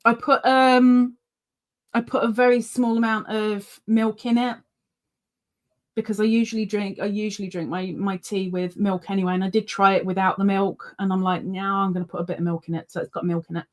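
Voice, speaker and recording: A woman's voice: medium pitch, little pitch movement, fairly quick. A British woman hosting a casual live yarn stream, chatty and rambling, full of fillers and restarts, cooing now and then at her pet. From Britain. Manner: coos baby-talk at her pet. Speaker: yarn channel host.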